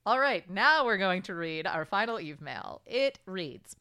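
A woman hosting a podcast, chatting casually and reading listener emails aloud with quick asides. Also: medium pitch, animated, pushed and bright, clean tone, no echo, clean studio sound. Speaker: podcast host.

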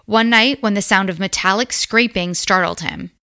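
A woman's voice: mid-range voice, normal speed, pushed and bright. A woman co-hosting a podcast, telling a ghost story and chatting casually, with fillers and the odd swear. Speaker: podcast co-host.

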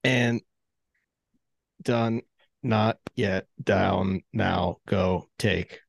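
A man's voice: sits low, fairly even intonation, very slow, creaky, no room sound. A man in an improv comedy scene, dryly calling out each step of his own actions.

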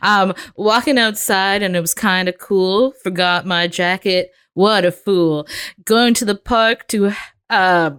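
Female student, unhurried delivery, smooth tone, jokey and self-deprecating. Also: mid-range voice, fairly bright tone. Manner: playful, self-mocking, laughs often. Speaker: student in a rhyming lesson. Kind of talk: casual chat.

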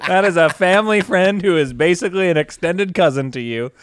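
A man's voice: high voice, fairly quick, dry recording, clean studio sound. A man co-hosting an improvised comedy podcast, hesitant and full of fillers, often laughing. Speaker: podcast co-host.

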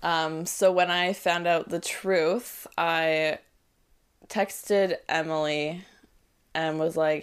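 Young woman telling a story, lowish voice, lots of likes and ums. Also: takes it slowly, clear, resonant tone. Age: 20s. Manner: chatty, animated, lots of fillers. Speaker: podcast guest. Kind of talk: casual storytelling.

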